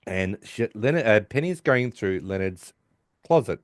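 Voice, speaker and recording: Lively man recapping an episode. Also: on the low side, dry recording, studio quality. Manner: retells scenes with quick voiced quotes. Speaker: podcast host. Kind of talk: casual recap chat.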